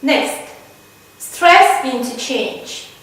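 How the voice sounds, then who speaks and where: Brief: unhurried woman lecturer, high voice, in an echoey room far from the mic. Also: animated, a bit bright. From Kazakhstan. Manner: slow, deliberate, lists examples one by one. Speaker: university lecturer. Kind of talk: slow recorded lecture.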